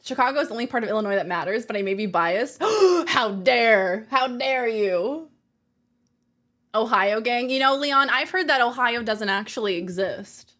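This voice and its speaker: A woman streamer talks casually with her audience and reads their messages aloud. Her voice sits slightly high, and she breaks into laughter often. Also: brisk, hardly any pauses, pushed and bright. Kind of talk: casual chat with viewers.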